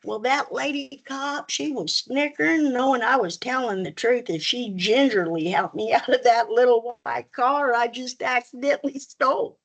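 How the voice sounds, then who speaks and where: A woman with a fairly high voice reads her own comic story aloud. She tells it in a folksy way, dropping in Southern turns of phrase as she goes. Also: moderate pace, hardly any pauses. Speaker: student reader. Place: reading event room.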